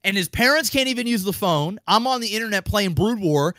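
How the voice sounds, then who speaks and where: A young man on a podcast mic, telling a long story in an animated, casual way, swearing freely and acting out the people in it. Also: high-pitched, a little fast, no echo. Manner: animated, acts out quoted voices, swears freely. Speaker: podcast co-host.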